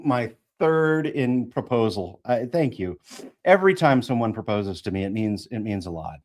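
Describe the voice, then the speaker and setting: A man's voice: on the low side, expressive, moderate pace, darkish tone. A man in his fifties from the American Midwest, reading an audiobook live, retaking lines and chatting with his viewers. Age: 50s. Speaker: audiobook narrator and livestream host.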